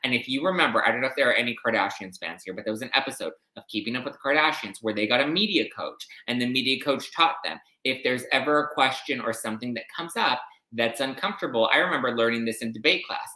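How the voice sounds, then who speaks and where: A man's voice: mid-range voice, quick pace, few pauses, bright, forceful tone, roomy sound, low-quality recording. A man hosting a reality TV recap, telling the story in a chatty, catty way with plenty of swearing. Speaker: host.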